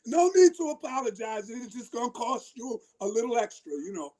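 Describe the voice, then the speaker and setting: A man's voice: very high-pitched, sing-song, a little fast, warm tone, rough recording. A man on a casual talk show, teasing the host in playful banter.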